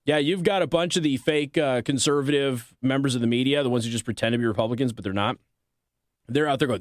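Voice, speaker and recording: A man's voice: mid-range voice, quick pace, dry recording, clean studio sound. A man hosting a political commentary show, reading news articles aloud and breaking in with sarcastic, combative asides. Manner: sarcastic, combative asides between read passages.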